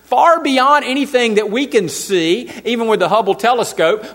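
High-voiced man preaching a sermon. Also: fairly bright tone. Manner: earnest preaching, repeats key phrases, asks the congregation questions. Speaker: pastor.

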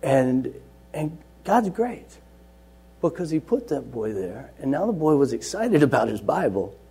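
A man with a husky, slightly breathy voice tells a personal faith story in an earnest way. His voice sits at an ordinary middle pitch. He drifts from soft asides to loud, lively bursts as he recalls leading Bible study for young people. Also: measured pace. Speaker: Bible study leader at a juvenile center.

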